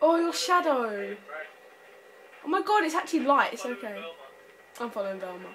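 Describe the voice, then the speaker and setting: In a noisy home recording, a young woman plays a horror game with friends, chatting casually while jumpy and scared, breaking into screams and nervous laughter. Her high voice is sing-song and fairly bright, unhurried, with long pauses.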